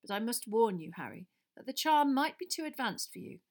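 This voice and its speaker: A calm, kindly male wizard teacher, voiced by a woman reading aloud, explaining things patiently and evenly. The delivery stays measured, close to the reader's own voice. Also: on the high side, voice pushed up. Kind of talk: audiobook character voice.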